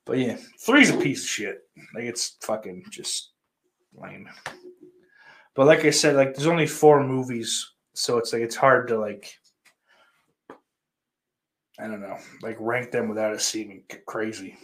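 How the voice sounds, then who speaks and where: Male vlog host, unhurried, mid-pitched, swears constantly, offhand and meandering delivery. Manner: profane, rambling, offhand, full of fillers. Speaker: channel host showing his movie purchases. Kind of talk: casual rambling vlog chat.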